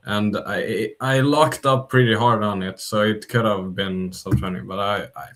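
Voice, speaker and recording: A man speaking as a guest in a casual livestream chat, hesitant and pausing on fillers. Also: on the low side, fairly even intonation, a bit bright. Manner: hesitant, many filler pauses. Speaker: podcast guest.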